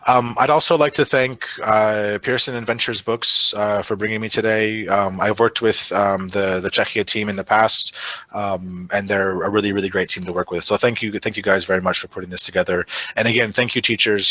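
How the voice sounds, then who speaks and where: A man's voice: lowish voice, fairly even intonation, moderate pace, pushed and bright, dry recording. A man running an online teacher-training webinar, chatty, with many fillers and tag "right?" checks. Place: online video session.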